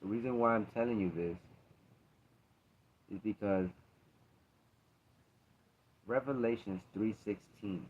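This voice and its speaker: A man's voice: fairly low pitch, slow, long pauses, breathy edge. A man in a casual faith talk, speaking earnestly and emphatically, repeating himself to drive points home. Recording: dull lo-fi recording.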